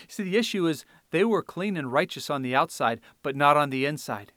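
Fiery high-voiced male preacher. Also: normal speed, no room sound, studio quality. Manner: fiery, rising to loud declamation when reading scripture. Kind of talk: sermon.

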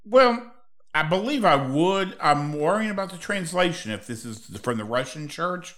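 Male guest, deadpan musing, higher pitch, animated intonation. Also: moderate pace. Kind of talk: casual chat.

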